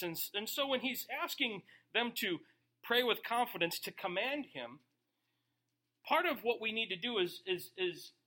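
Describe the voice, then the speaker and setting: A man preaching a sermon, animated, with many rhetorical questions and quick acted-out asides. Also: high voice. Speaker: pastor.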